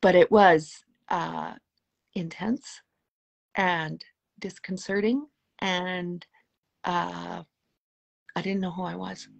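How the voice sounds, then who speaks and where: A middle-aged woman telling a personal spiritual story as an interview guest, earnest and emotional, often dropping to a soft hushed tone. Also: fairly low pitch, steady tone, takes it slowly, vocal fry, pauses often, lo-fi sound.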